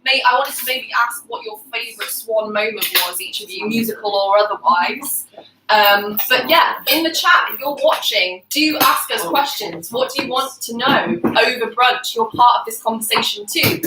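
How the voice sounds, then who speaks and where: Young woman choir director, chatty and explanatory, slightly high voice, recorded from across an echoey kitchen. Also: moderate pace. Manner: chatty, explanatory, laughs often. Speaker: artistic director, choir leader. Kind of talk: casual chat on a livestream. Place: home kitchen. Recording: echoey kitchen, mic far off, clear background noise.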